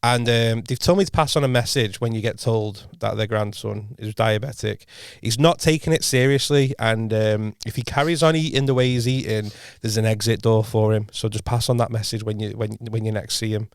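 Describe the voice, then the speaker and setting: A man's voice: fairly low pitch, a little fast, few pauses, clear, resonant tone, no echo. Young man, casual podcast storytelling, rambling, dry close mic. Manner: rambling, many restarts, acts out quoted voices. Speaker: podcast co-host.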